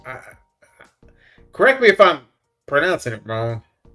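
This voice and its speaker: A relaxed man hosting a livestream and chatting easily with viewers. His pitch swings lively up and down as he talks and chuckles. Faint music plays underneath. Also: moderate pace, long pauses. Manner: laid-back, chuckles often, says "man" and "buddy" a lot. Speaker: livestream host reading chat. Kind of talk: casual live-stream chat.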